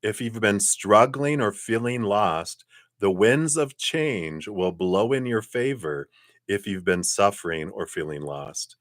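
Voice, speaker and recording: A man giving a live-streamed tarot reading, reflective and unhurried, with many "you know"s and soft laughs. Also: low-pitched, expressive, dry recording, studio quality. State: sucking a cough drop, clearing throat. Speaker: tarot card reader.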